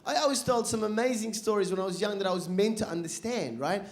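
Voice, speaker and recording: High-voiced, animated stand-up comedian. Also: male voice. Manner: animated, rapid asides, lots of swearing. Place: stage at a live comedy show.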